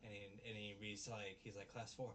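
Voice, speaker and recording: Guy recapping an anime ep, pitching his voice up for the characters, sounds a bit far from the mic w faint hiss. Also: little pitch movement, pushed and bright. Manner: retells scenes, putting on quick high voices for each character. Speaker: podcast co-host reviewing an anime. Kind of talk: casual chat. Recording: distant mic with faint background noise.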